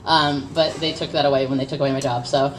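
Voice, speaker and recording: Speaking fast in a very deep, flat voice, a young American poet performs spoken word at a café open mic. Between impassioned poems she drops awkward, self-deprecating asides. The mic is distant, with faint room noise.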